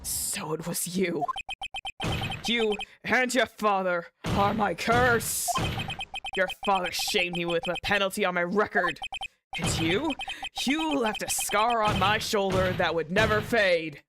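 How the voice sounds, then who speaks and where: A woman's voice: mid-range voice, slow pace, music in the background, lightly acted. A woman doing a vengeful old prosecutor. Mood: menacing. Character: ruthless older male prosecutor, vengeful and proud. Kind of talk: reading game dialogue aloud.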